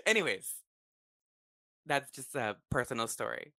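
A man hosting a casual podcast chat, excitable and swearing freely, with sudden high bursts of laughter. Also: a little slow, no room sound. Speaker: podcast host.

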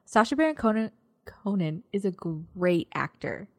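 A woman's voice: medium pitch, measured pace. A woman co-hosting a podcast, chatting casually and acting out quotes from films. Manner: animated, acts out quotes. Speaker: podcast co-host. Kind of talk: casual chat.

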